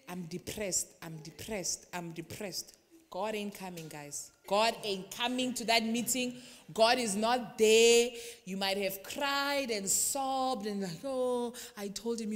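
A woman preaching, her delivery animated and theatrical. She drops to near-quiet asides, then rises to loud, emphatic lines, and often mimics the people she is talking about. Her voice carries a long reverb from a large church hall. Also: mid-range voice. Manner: animated, swings from quiet to loud, acts out congregants. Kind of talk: sermon.

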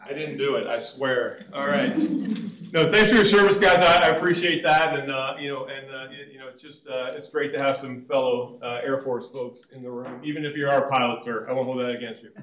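A man's voice: medium pitch, steady tone, normal speed, a bit bright, roomy sound, slight background noise, poor audio. A man in his fifties, a retired serviceman turned financial advisor, giving a chatty, joking seminar talk to a live audience in a meeting room. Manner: chatty, joking, self-deprecating. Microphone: room mic or no mic.

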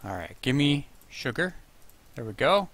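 A man's voice: medium pitch, sing-song, unhurried, gravelly, a bit bright, dry recording. A man casually commenting on his own gameplay, chatting to himself and yelping at monsters.

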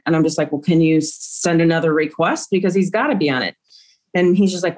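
A woman's voice: on the low side, brisk. A middle-aged woman, a grieving mother, recounting events in an interview with emotion and acting out quoted dialogue.

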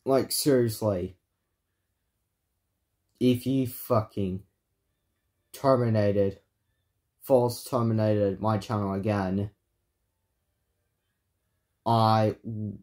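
A man ranting angrily in a vlog, swearing often and repeating himself in halting bursts. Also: lowish voice, steady tone, darkish tone. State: angry. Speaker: YouTuber. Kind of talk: angry vlog rant.

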